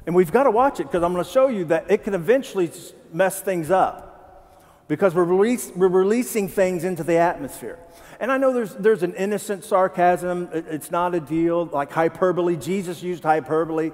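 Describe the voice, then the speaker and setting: Somewhat fast and a little mellow, a male voice sitting high carries a long reverb tail. This pastor preaches in a church sanctuary in a conversational style, often questioning the congregation.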